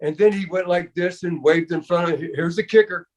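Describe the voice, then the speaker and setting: A man's voice: high-pitched, normal speed. An older man telling a story as an interview guest, rambling with many restarts and repeated fillers.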